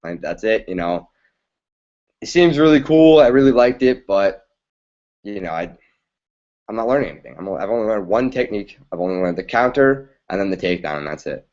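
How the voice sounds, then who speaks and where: A man's voice: fairly low pitch, lively intonation, a little fast, a little mellow, voice pushed down, lightly acted. Eager, earnest boy as a man puts him on, muffled lo-fi sound. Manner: pleading, earnest. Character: eager young boy who wants to learn judo.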